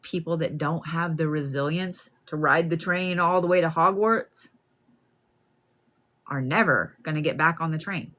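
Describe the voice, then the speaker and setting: A woman gives a live card reading. She talks plainly and casually, with animated asides, addressing the listener directly. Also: deep voice, a little slow. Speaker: card reader.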